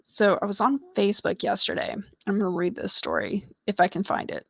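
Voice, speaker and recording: A woman's voice: mid-range voice, steady tone, brisk, creaky, fairly bright tone, slightly rough, dry recording. Female livestream host at home, casual and rambling, full of restarts; dry, close sound. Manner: rambling, many fillers and restarts, self-deprecating. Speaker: host of a live writing show. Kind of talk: casual chat, retelling a story.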